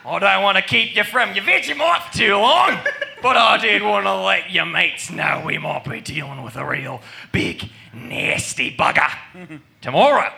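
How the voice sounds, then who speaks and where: A brash mock-Australian outlaw boss , played by a man, barks slang at his mob and keeps cracking himself up. The voice sits very high with a gravelly edge and a slow, stretched-out delivery. It sounds bright and cutting. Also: lively intonation, exaggerated voice. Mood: boastful. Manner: exaggerated slangy shouting, laughing through lines. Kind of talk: comedy sketch acting.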